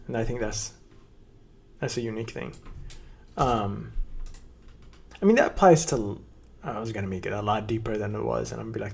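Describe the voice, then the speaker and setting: A man's voice: on the low side, brisk, creaky, long pauses, darkish tone, breathy edge. A young man casually reacting to a video on a live stream, rambling with playful asides.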